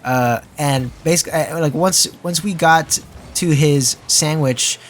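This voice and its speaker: A young man telling a story in a loose, rambling way, his voice sitting a bit high for a guy. He stops and restarts often, fills gaps with filler words and swears casually. A faint hiss of noise runs under the recording. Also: measured pace. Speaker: storytelling vlogger.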